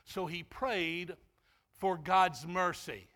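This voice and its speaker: A man, a pastor, preaching a sermon and shifting into a quiet storytelling tone for a personal anecdote. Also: sits high, slow.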